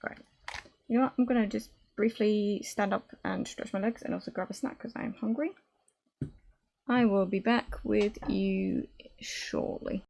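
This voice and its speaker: A woman game developer talking casually on a live stream while she codes at her desk. She thinks aloud, halting and restarting often. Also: medium pitch, steady tone, vocal fry, a little mellow. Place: home desk.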